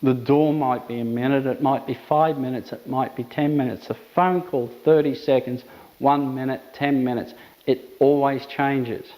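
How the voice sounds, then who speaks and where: Emphatic dog trainer. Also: male voice, medium pitch, steady tone, moderate pace, dark tone, low-quality recording. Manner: emphatic, repetitive phrasing. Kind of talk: instructional talk to camera.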